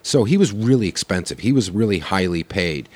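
Low-voiced swearing man telling a story. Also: expressive, a little fast, darkish tone, no room sound. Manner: profane storyteller acting out quoted dialogue. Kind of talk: casual podcast chat.

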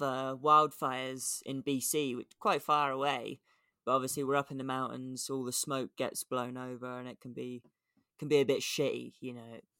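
A man with a British accent, a podcast co-host chatting in a relaxed, casual way with some swearing. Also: medium pitch, smooth, no echo, studio quality. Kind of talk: casual chat.

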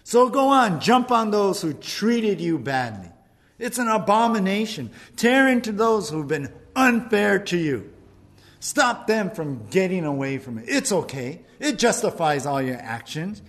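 A man's voice: high voice, big pitch swings, unhurried, a little mellow, voice pushed up. A man voicing a sly male devil who coaxes and wheedles, twisting scripture to tempt. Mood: urging. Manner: coaxing, wheedling, leaning on scripture.

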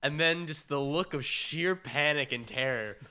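This young podcast co-host tells animated stories in casual chat, leaning heavily on "like" as filler. His bright, forward voice is clear and resonant, a little slow, and it shoots up high each time he quotes someone.

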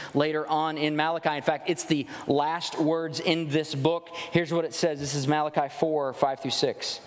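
Animated male preacher in a reverberant hall. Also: fairly high pitch, moderate pace, few pauses. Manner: conversational, animated, acts out quoted questions. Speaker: pastor. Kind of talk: sermon.

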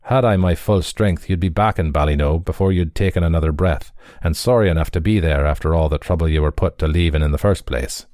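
A man voicing a weary, gruff male hound spirit in a read-aloud story. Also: low-pitched, brisk, hardly any pauses, darkish tone, no echo, studio quality, close to an everyday voice.

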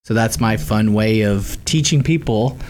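A man, a horse trainer, chatting on a talk show, polite and animated as he tells stories. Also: lowish voice, unhurried. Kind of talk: casual talk show chat.

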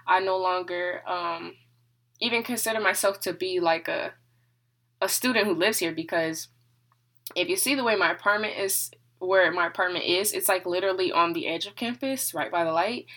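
Young woman, student, candid vlog, bright and sharp tone, rambly and open. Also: medium pitch, poor audio. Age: young adult. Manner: open, rambling, thinking aloud. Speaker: college student. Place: her apartment room.

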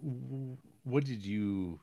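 A man's voice: mid-range voice, drawn-out words, creaky, warm tone. A man co-hosting a podcast, casually recapping a film in a rambling way and acting out lines. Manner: rambling recaps with acted-out quotes and laughs. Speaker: podcast co-host.

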